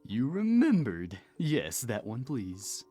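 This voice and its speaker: A man voicing a dim-witted, good-natured male barbarian adventurer in a goofy, slow storytelling voice. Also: mid-range voice, huge pitch swings, warm tone, soft background music, exaggerated voice. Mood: friendly.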